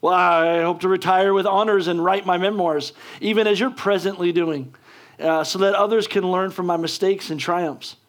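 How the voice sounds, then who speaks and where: Man putting on an earnest young guy, eager, admiring, voice pushed a bit higher. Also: steady tone, moderate pace.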